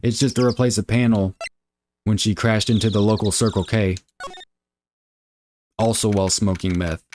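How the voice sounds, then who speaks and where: A man's voice: fairly low pitch, steady tone, normal speed, pauses often, a little mellow, soft background music. Sarcastic young man, crude commentary. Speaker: gameplay host. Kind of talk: casual let's-play commentary.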